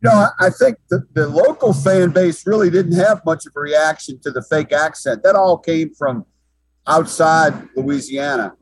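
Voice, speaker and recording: A man's voice: a little high, a little slow, husky, no room sound, low-quality recording. A man giving sports talk commentary as an analyst, emphatic and often repeating words as he thinks.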